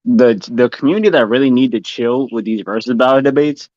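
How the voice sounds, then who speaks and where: A man on an anime podcast, asking questions and thinking aloud with restarts. His voice is mid-pitched and dry, and the recording is a little dull and lo-fi. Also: a little fast, darkish tone, no echo. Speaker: podcast host. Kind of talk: casual chat about anime.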